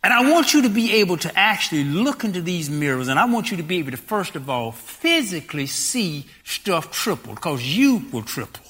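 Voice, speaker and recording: Pastor, 60s, preaching; bright, lively delivery with rhetorical questions. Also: medium pitch, moderate pace, hardly any pauses. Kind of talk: sermon.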